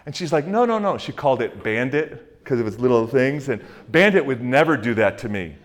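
Male pastor, mid-pitched voice, casual sermon delivery, talks it out with fillers, prays softly. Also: animated, brisk. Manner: conversational preaching with fillers and acted-out quotes; drops to a hushed, soft voice in prayer.

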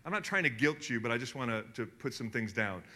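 A man preaching a sermon to his congregation, telling stories animatedly, with sudden jumps in loudness. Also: mid-range voice, fast. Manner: animated storytelling, emphatic swings in loudness. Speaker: pastor. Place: church hall in front of a congregation.

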